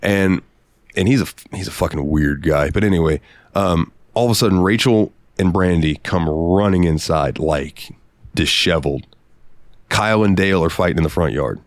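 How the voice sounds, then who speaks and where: A man co-hosting a podcast, telling profane, animated stories in casual chat. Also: low voice, moderate pace, dry recording. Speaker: podcast co-host. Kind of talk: casual storytelling.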